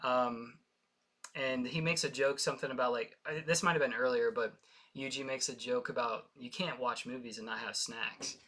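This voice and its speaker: Man, casual co-host chat, mid-pitched voice, halting, frequent restarts. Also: fairly even intonation, sharp tone. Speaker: podcast co-host.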